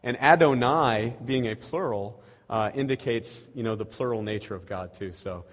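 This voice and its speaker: A man in his thirties or forties preaches in a relaxed, self-deprecating way, often restarting his sentences and chuckling at his own stories. His voice sits at an ordinary middle pitch for a man. The sound carries the long reverb of a church sanctuary. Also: moderate pace. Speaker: lay preacher. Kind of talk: casual sermon with prayer.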